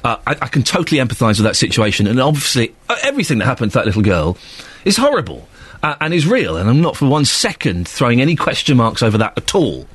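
A man in his thirties presenting breakfast radio in a chatty, animated way, muttering asides to himself. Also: medium pitch, quick pace, husky, no room sound.

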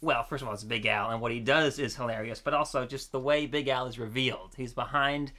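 A man co-hosting a podcast in casual chat, easygoing and quick to laugh. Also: mid-range voice, fairly even intonation, pushed and bright. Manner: easygoing, laughs often, silly impressions. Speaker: podcast co-host.

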